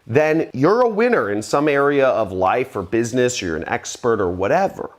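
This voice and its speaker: Man, lowish voice, video host, direct-to-camera sales tips, emphatic, confident. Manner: emphatic, confident, trails off low and quiet at phrase ends. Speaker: online business vlogger.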